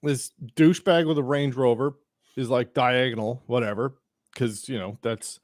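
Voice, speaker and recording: A man's voice: medium pitch, steady tone, moderate pace, no echo, studio quality. A man hosting a podcast, telling a rambling anecdote in casual chat, full of restarts and acted-out quotes. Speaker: podcast host.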